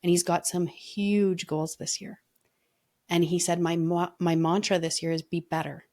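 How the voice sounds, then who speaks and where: A woman's voice: lowish voice, little pitch movement, unhurried, darkish tone. A woman leadership coach talking in an earnest, reflective way, telling stories in a casual podcast conversation.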